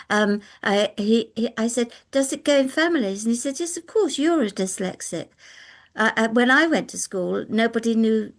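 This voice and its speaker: Chatty older woman, gravelly. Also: fairly high pitch. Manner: chatty, laughs often, rambling anecdotes. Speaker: guest speaker. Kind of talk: video call chat. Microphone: video call.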